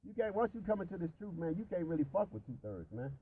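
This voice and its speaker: Casting: man, dark mellow tone, rambling profane storyteller, faint noise behind. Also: high-pitched, very animated, fast, rough recording. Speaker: religious discussion participant. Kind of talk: casual profane chat about scripture.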